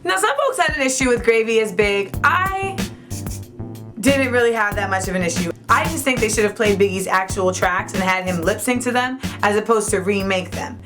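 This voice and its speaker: A woman's voice: mid-range voice, lively intonation, moderate pace, over music. A woman hosting a vlog, giving casual, sassy, candid commentary in slangy speech. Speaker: host.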